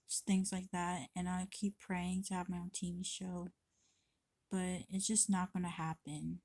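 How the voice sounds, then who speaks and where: A woman's voice: on the low side, warm tone, no room sound. A woman vlogging to her camera in a rambling, confessional way, swearing freely and often restarting her sentences. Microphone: camera mic.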